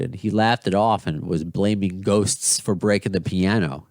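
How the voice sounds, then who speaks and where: A man's voice: low voice, moderate pace, creaky, few pauses, no room sound, clean studio sound. A man hosting a podcast, talking casually and enthusiastically, often restarting his sentences. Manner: rambling, enthusiastic, many restarts. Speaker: podcast host.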